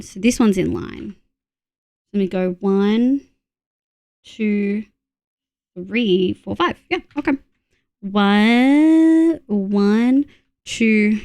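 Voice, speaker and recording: A woman's voice: mid-range voice, darkish tone, clear, resonant tone. An Australian woman streaming live, chatting casually with viewers as she plays, counting aloud under her breath and swearing freely. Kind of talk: casual live-stream chat while playing.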